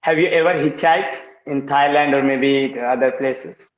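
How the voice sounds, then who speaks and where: A man's voice: mid-range voice, fairly even intonation, moderate pace. A man, a student asking short questions on a video call. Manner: short prompts, asks questions, brief laughs. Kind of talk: casual video-call conversation. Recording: roomy, dull lo-fi, crowd behind.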